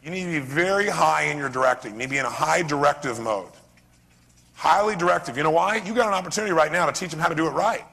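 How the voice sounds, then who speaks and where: Casting: animated male motivational speaker, rapid and bright, quizzing a crowd. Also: fairly high pitch, gravelly. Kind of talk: live seminar talk. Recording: long reverb of a seminar hall.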